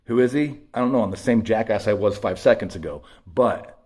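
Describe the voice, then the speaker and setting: Very deep-voiced man telling a raw story. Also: a little mellow, slightly rough. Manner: raw, emotional, halting with many restarts and swearing. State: shaky with emotion. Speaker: speaker sharing his story. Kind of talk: personal testimony.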